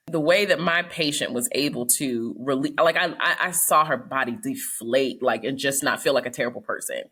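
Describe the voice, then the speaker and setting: Woman, psychologist, deep voice, slightly husky, fast animated talk. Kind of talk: casual advice talk.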